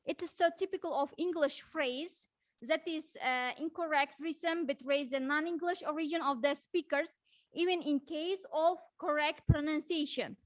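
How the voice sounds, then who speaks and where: A woman's voice: sits high, steady tone, normal speed, no room sound, low-quality recording. A woman teacher with an Uzbek accent gives a prepared presentation in English, reading definitions with frequent hesitations.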